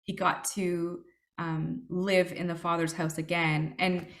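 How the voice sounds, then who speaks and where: A woman's voice: on the low side, little pitch movement, takes it slowly. A woman in her thirties giving a personal recovery testimony, earnest and reflective, with frequent fillers and restarts. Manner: earnest and reflective, with many fillers and self-corrections. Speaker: speaker sharing her recovery story.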